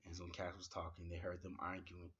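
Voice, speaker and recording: A man with a low, somewhat husky voice recaps a wrestling show in a loose, slangy way. He gets excitable and leans on fillers as he talks. The recording sounds dull and lo-fi. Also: quick pace. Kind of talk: casual spoken review recap.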